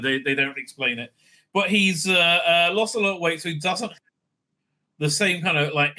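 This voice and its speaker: A man giving a casual, off-the-cuff TV review, rambling and halting, often tagging his points with a questioning "right?". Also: on the high side, pushed and bright.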